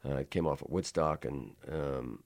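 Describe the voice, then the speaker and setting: A man, a musician, telling a rambling studio anecdote in a relaxed, laid-back way, with many "uh"s and "man"s. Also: extremely low pitch, normal speed, vocal fry.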